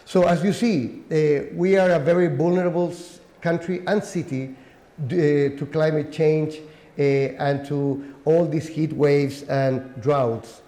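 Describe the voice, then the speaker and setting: Guy, lots of uhs, slightly high mellow voice, echoey room. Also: fairly even intonation. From Chile. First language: Spanish. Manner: halting, frequent uhs. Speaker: regional governor, panelist. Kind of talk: panel remarks.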